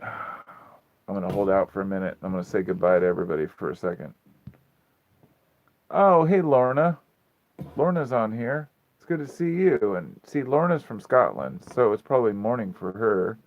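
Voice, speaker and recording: A man's voice: on the low side, expressive, normal speed, pauses often, no room sound. A man hosting a casual livestream from his phone, telling long rambling stories with plenty of swearing. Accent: US Pacific Northwest. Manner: rambling storytelling, frequent swearing. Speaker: livestream host. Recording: dull lo-fi phone audio.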